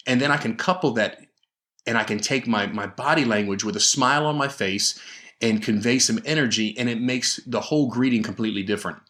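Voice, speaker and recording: Man, podcast host, sales coach, energetic, emphatic, repeats words for stress, mid pitch. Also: brisk. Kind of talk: motivational podcast talk. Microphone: studio podcast microphone.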